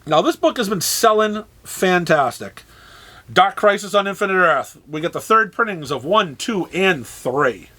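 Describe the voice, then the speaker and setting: A man casually running through a comic shop's weekly new releases, listing titles with dry, sarcastic asides and halting restarts. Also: high-pitched, lively intonation, sharp tone.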